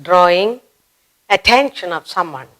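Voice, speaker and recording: A woman's voice: lowish voice, lively intonation, fairly bright tone, low-quality recording. A woman with an Indian English accent teaching a grammar lesson for children, acting out example exclamations. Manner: slow, acts out example exclamations.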